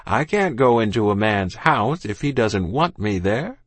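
A kindly, regretful doctor, read by a man, speaks gently in a low, firm voice. The recording is dry and close. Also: very animated, unhurried, no room sound.

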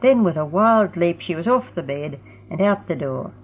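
A woman narrating a storybook in a steady, even reading voice. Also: fairly low pitch, normal speed, husky. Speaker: audiobook narrator. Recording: tinny phone-like sound.

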